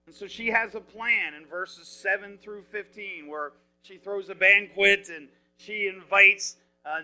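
In a low-quality recording, a man with a high voice gives a sermon. He paraphrases scripture casually, speaks with expressive energy, and directs questions at the people listening.

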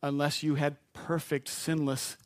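A man's voice: fairly high pitch, little pitch movement, a little slow. A man preaching a sermon to a live congregation in a conversational way, with asides and self-deprecating jokes.

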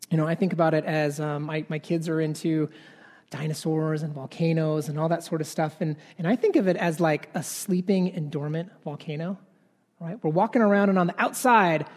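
This pastor, a man in his thirties, has a fairly high, slightly mellow voice. Preaching in a conversational way, he often adds "right?" to his points, and his words echo with the long reverb of a big hall.

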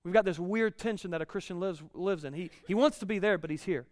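A man's voice: high-pitched, fast talker, no room sound, studio quality, in a large hall. A man in his thirties preaching a conversational sermon, repeating key lines and rising in volume when he reads scripture.

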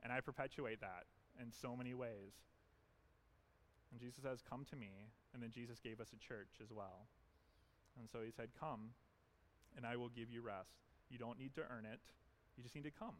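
Male pastor, mid-pitched voice, earnest emphatic sermon delivery. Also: steady tone, normal speed, a little hiss or hum. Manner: earnest, emphatic preaching with repetition. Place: church.

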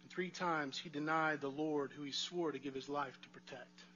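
A man's voice: fairly high pitch, fairly even intonation, moderate pace, bright, forceful tone, highs cut off. A man preaching a sermon in a conversational way, asking the congregation rhetorical questions. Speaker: pastor.

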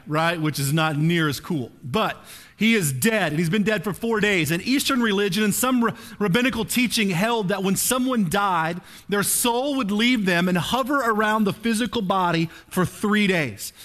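A man preaching a sermon in a conversational, animated way, often checking in with his listeners. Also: high-pitched, moderate pace. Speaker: pastor.

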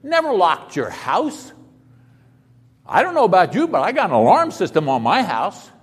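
A man's voice: high-pitched, wildly swooping pitch, moderate pace, breathy edge, long reverb tail. A man preaching a sermon as pastor, talking conversationally and putting rhetorical questions to his listeners.

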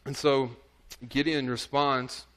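A man's voice: mid-range voice, level tone, takes it slowly, fairly bright tone. A man preaching a sermon, reading scripture aloud and earnestly urging his listeners. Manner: reads scripture then exhorts, pleading and earnest.

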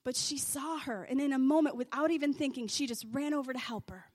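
A woman from Scotland tells a church story in a high, bright voice. She rambles casually, restarting her sentences and filling gaps with "um" and "like". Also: a little fast. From Scottish. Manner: rambling, many restarts and fillers. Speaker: speaker sharing a faith story.

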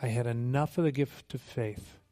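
A man's voice: medium pitch, normal speed. A man preaching as a missionary, telling stories in a conversational, humorous way and acting out quotes. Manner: conversational, humorous, animated storytelling with acted quotes. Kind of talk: sermon.

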